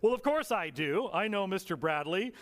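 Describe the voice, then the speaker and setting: A man's voice: sits high, lively intonation, moderate pace. A man voicing a blunt, scolding older woman witness in a sermon story, recorded in a reverberant hall. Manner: frank, scolding.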